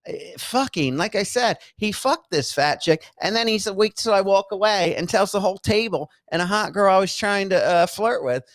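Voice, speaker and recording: Male podcast co-host, high voice, dry close sound; profane, rambling, combative. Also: animated, normal speed, few pauses, no echo. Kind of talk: crude casual banter.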